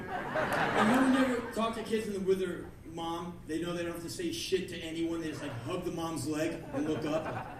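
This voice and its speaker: A man telling comic stories live on stage before an audience, animated and given to sudden yelling and acted-out screams. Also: a little high, normal speed. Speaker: spoken-word performer. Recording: echoey club heard from far off, with crowd and noise.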